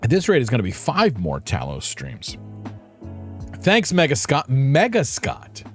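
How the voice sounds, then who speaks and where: A man's voice: mid-range voice, huge pitch swings, unhurried, faint music behind. A man streaming a game, chatting casually with viewers in a playful, rambling, self-mocking way. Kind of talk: casual live-stream chat.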